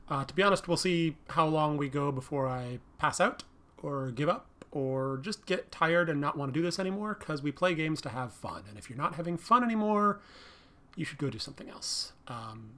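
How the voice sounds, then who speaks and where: A tired man streaming a game, thinking aloud in a relaxed, self-deprecating way. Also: a little high. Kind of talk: casual live-stream commentary.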